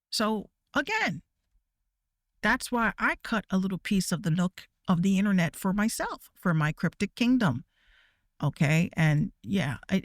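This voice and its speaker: A woman's voice: lowish voice, no echo, studio quality. A woman VTuber ranting casually to her viewers, profane and rambling, with stammering restarts. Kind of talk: casual rant.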